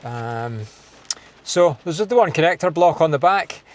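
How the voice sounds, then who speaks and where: A man's voice: fairly high pitch, animated, measured pace. Chatty Scottish man doing a car install. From Scotland. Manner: chatty, self-deprecating, thinking aloud while working. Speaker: car DIY video host. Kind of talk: casual install walkthrough. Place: inside a parked car.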